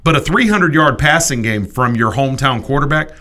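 Bright-voiced man ranting on sports talk. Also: mid-range voice, brisk. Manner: animated, emphatic ranting with restarts. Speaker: sports talk show host.

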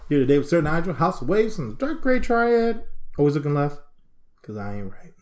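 A man's voice: a little high, very animated, brisk, a little mellow. A man co-hosting a podcast, opening the show in an upbeat, hype-man way. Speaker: podcast co-host. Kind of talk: casual podcast chat.

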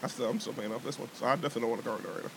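Here a young man co-hosting a podcast races along in a creaky, mid-range voice, with a little hiss or hum in the background. He swears his way through a heated story in casual chat, animated and constantly restarting and repeating words.

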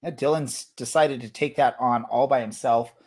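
A man hosts a casual podcast and drifts through his points with plenty of ums and restarts. His voice sits at a middle pitch and stays easygoing. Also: steady tone, moderate pace, darkish tone. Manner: loose, rambling, filler-heavy delivery. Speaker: podcast host.

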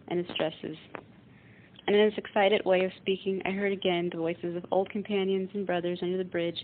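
Flat-voiced woman reading a novel aloud. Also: fairly low pitch, a little hiss or hum. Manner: steady, even, measured reading. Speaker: radio show host reading aloud. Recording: tinny phone-like radio sound.

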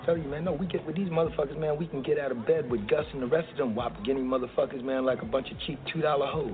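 A man's voice: mid-range voice, racing, natural voice. Man playing a pushy gangster, crude, pleading, tinny audio, music behind. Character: pushy male gangster vouching for his brother. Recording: tinny film clip over music.

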